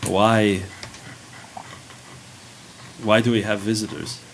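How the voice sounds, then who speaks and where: A suspicious young man on a ladder, played by a man, blunt and protective, speaking up loudly and quickly. The voice keeps a gravelly texture over a faint hiss. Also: on the low side, level tone. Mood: wary. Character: wary young male worker, protective.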